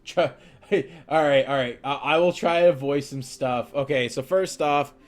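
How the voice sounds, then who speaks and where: A man's voice: mid-range voice, unhurried. A young man live-streaming while he draws, chatting casually and rambling as he answers viewer questions.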